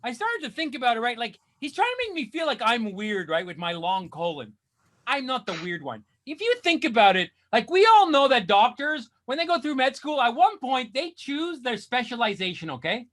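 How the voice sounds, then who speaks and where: Male stand-up comic: high, bright voice that swings widely, exasperated rants that tip into shouting. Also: big pitch swings, moderate pace. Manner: exasperated ranting, bursts into shouts. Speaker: stand-up comedian. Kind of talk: stand-up comedy set.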